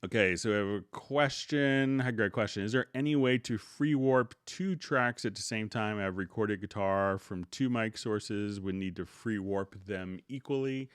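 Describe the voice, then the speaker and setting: A middle-aged man hosting a live software tutorial stream in a relaxed, unhurried way, greeting viewers by name before he demonstrates. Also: on the low side, clear, resonant tone, dry recording, studio quality.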